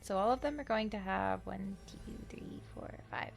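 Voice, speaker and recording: A woman's voice: mid-range voice, big pitch swings, normal speed, vocal fry, soft background music. A woman streamer chatting casually and reacting on the fly while playing a story game.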